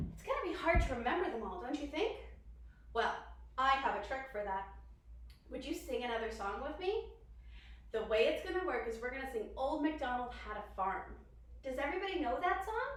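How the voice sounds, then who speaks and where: High-voiced woman teaching kids' yoga. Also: fairly bright tone. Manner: playful, sing-song, coaxing questions to children. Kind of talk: children's yoga lesson. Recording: echoey room, distant mic.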